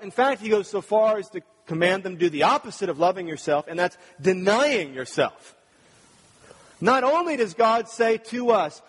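A man's voice: sits high, animated, normal speed, breathy edge. A man preaching a sermon, earnest and talking to the congregation with rhetorical questions. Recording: long reverb of a large hall.

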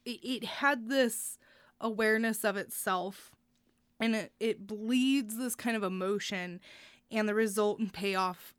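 Woman with a smooth, clear voice gushing. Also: mid-range voice, dry recording. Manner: gushing, effusive praise with frequent laughs. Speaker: podcast co-host reviewing stories. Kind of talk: casual chat.

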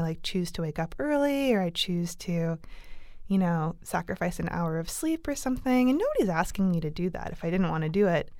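A woman casually telling a personal story in conversation, animated and laughing often, with lots of fillers. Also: medium pitch, clear, resonant tone, no echo, clean studio sound.

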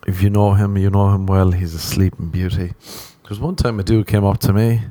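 A man talks alone into a close mic on his podcast, drifting from story to story. He swears freely, mocks himself and laughs often. His voice sits a little low, and the recording is dry with almost no room sound. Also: steady tone, normal speed, dark tone, no room sound. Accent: non-American. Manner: profane, self-mocking, laughs often. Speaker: podcast host. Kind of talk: casual solo podcast rambling.

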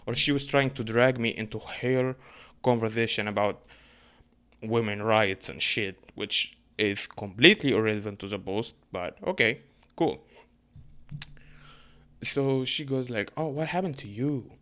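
A young man from Egypt, telling a story in a casual, profane, rambling rant full of fillers and quick bursts. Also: fairly low pitch, bright, forceful tone, clear, resonant tone.

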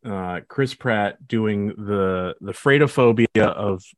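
A man's voice: fairly low pitch, slow, no echo. A man hosting a casual gaming podcast, talking in a meandering, laid-back way. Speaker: podcast host. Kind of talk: casual chat.

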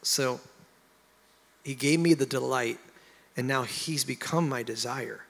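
A man, a pastor, sharing his testimony in an animated, emotional way and getting loud at the high points. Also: measured pace, gravelly, in a large hall. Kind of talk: candid conversational testimony.

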